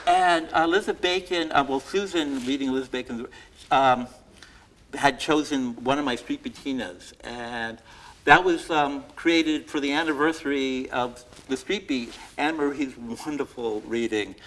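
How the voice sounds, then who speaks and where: At a museum event, a poet receiving an award reads his own poems to a live audience, reciting with loud emphasis. Between poems he adds chatty, self-deprecating asides full of fillers and laughter. His voice is on the high side at a normal speed, and the recording quality is low.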